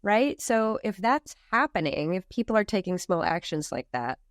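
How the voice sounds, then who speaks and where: A woman from the United States speaking as a podcast guest, animated and emphatic, with many rhetorical questions. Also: mid-range voice, normal speed, no echo, studio quality. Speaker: farm movement founder, guest. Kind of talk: podcast interview.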